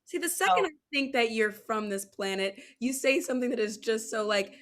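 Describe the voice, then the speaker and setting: Woman podcast host, high voice, bright, lively, excitable, laughs a lot. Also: a little fast. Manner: excitable, laughs often, animated. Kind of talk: casual interview chat.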